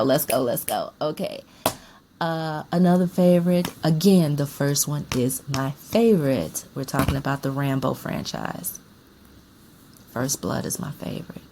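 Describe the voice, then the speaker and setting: A woman's voice: sits low, a little mellow, slight background noise. A woman chatting casually about her movie collection as a vlogger, emphatic and repeating herself for effect. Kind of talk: casual chat about films.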